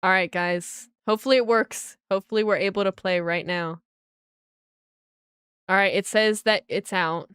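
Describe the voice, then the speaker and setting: Excited young woman livestreaming a game. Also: medium pitch, moderate pace, clean tone, dry recording, clean studio sound. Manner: excited, chatty, addresses viewers as guys. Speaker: livestreaming gamer. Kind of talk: casual livestream chat.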